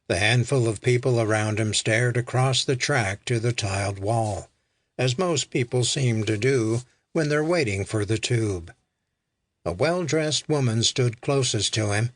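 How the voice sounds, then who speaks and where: A man narrating an audiobook in a measured, deliberate way. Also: mid-range voice, dry recording. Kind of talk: scripted narration.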